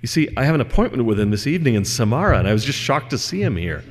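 A man's voice: mid-range voice, very animated, rapid-fire. Death, unbothered as a man tells it. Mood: breezy. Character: Death personified, casual and unbothered. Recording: long hall reverb.

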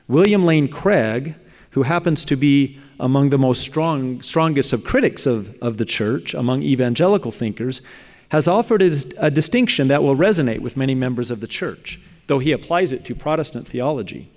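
A man reading a prepared academic paper aloud in a measured way, now and then stumbling and restarting. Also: medium pitch, darkish tone. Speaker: speaker presenting a paper on religious apologetics. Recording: echoey hall with long reverb.

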